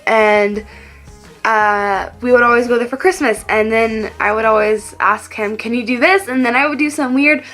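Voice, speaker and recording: A woman's voice: fairly high pitch, fairly even intonation, normal speed, fairly bright tone, faint music behind. A teenage girl from Texas chatting to the camera, telling childhood stories in a chatty, giggly way and acting out what she said as a kid. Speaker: vlogger. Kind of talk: casual storytelling to camera.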